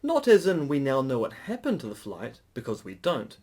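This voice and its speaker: A man co-hosting a casual podcast, dry and sardonic, reading news items briskly. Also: medium pitch, wildly swooping pitch, mellow, breathy edge. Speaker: podcast co-host.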